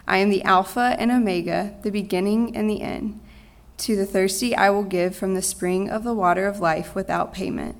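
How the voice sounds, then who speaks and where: A woman reading scripture aloud in church, solemn and measured, close to tears. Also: mid-range voice, gravelly. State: tearful. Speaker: scripture reader.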